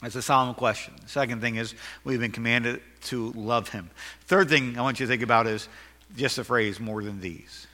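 A man's voice: mid-range voice, steady tone, moderate pace, bright, forceful tone, in a large hall. A man preaching a sermon as pastor, earnest and emphatic, with self-deprecating jokes.

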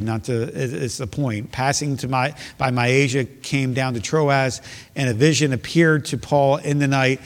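A man's voice: mid-range voice, fairly even intonation, a little slow. A man preaching a sermon as pastor, earnest and emphatic, repeating key phrases for stress. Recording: long hall reverb.

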